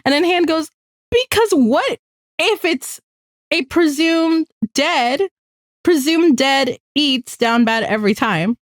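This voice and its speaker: A woman's voice: high-pitched, expressive, slow, no room sound, clean studio sound. A young woman co-hosting a podcast in casual chat, dramatically retelling group chat messages. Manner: dramatic, recounts group chats with quoted lines. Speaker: podcast co-host.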